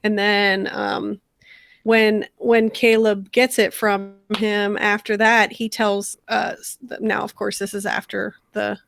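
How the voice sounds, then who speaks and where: A woman co-hosting a podcast, calmly recounting plot details in casual talk. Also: mid-range voice, slow, vocal fry, no echo. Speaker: podcast co-host.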